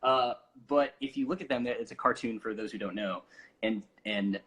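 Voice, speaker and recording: Young male vocal coach, casual teacher with lots of ums, bright edge, a little husky. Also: fairly low pitch, normal speed, poor audio. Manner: explains with demonstrations, many fillers.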